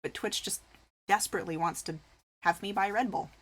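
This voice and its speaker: Chatty woman streaming while she crochets, answers chat, laughs a lot, middle-pitched voice. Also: fairly even intonation, fairly quick. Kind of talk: casual live-stream chat.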